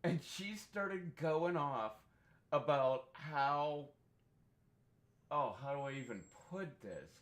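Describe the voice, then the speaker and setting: A man's voice: fairly high pitch, slow. A young man streaming a game, chatting casually and rambling through stories, swearing freely and laughing often. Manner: profane, laughs often, animated storytelling. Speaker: gaming streamer.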